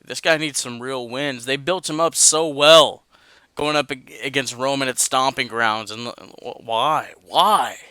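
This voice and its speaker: A man's voice: mid-range voice, measured pace, pushed and bright, clean tone, dry recording. A man hosting a casual wrestling podcast, reading out match results and chatting loosely with dude and man. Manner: laid-back, says dude and man, reads out results. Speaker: podcast host.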